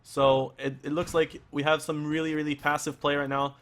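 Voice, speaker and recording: Halting, hoarse male esports caster. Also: fairly high pitch, little pitch movement, a bit bright. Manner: halting, with frequent restarts and fillers. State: hoarse, losing his voice. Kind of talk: live play-by-play commentary.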